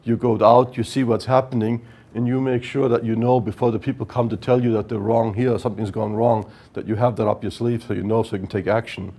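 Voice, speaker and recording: Guy giving a workshop lecture, mellow voice, explains step by step, keeps saying right?. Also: mid-range voice, little pitch movement, brisk, few pauses. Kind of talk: technical lecture at whiteboard.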